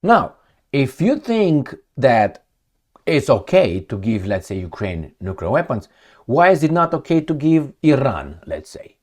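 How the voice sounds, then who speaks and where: Speaking a little slowly in a medium-pitched voice, a man delivers blunt, sarcastic political commentary in a casual vlog. He's animated, swinging between loud, mocking jabs and muttered asides.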